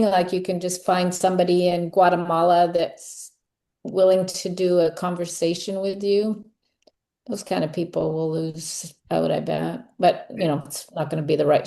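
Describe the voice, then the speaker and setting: A woman who teaches at a school, chatting casually and tossing in quick jokes. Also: on the low side, vocal fry, mellow. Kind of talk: casual chat.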